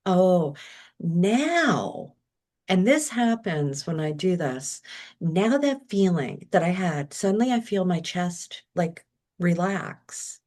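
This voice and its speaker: A woman's voice: lowish voice, big pitch swings, slow pace, darkish tone. A middle-aged woman talking as a podcast guest, reflective and acting out her own inner thoughts as she goes. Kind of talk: casual interview talk.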